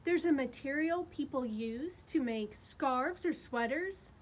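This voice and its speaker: A woman's voice: high voice, animated, takes it slowly, hardly any pauses. A woman, a children's librarian, reading a picture book aloud at storytime in a sing-song voice made big for young listeners.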